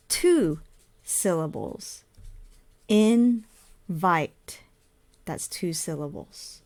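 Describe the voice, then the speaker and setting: Woman ESL teacher, very slow measured delivery, mid pitch, step-by-step explainer. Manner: spells out letters, asks and answers her own questions.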